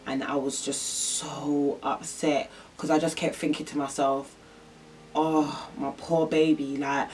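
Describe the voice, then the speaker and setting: A woman's voice: low-pitched, distant mic, slight background noise. A young woman telling a personal story in a vlog, rambling and emotional with lots of fillers. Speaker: vlogger.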